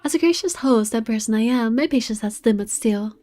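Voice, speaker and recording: A woman's voice: on the high side, animated, warm tone, lightly acted. A woman reading as a proud young man. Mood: haughty. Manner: measured, dramatic reading. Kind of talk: reading game narration aloud. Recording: faint game music behind.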